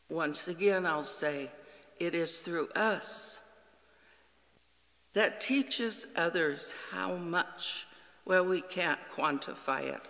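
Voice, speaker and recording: A man preaching a sermon in a slow, earnest way, acting out the dialogue of the story he tells. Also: on the high side, pushed and bright, long reverb tail, rough recording. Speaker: pastor.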